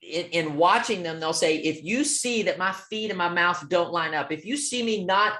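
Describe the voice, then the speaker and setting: A man coaching with a motivational talk, telling a story in an emphatic, preacher-like rhythm. He keeps asking "okay?" and moves between loud and soft. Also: high-pitched, normal speed. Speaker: real estate coach.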